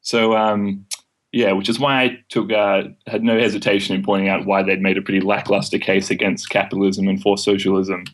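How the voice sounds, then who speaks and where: Young aussie guy, lowish voice, confident with lots of ums. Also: flat delivery, a little fast. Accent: Australian. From Australia. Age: 20s. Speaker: guest, student debater. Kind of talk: interview answers.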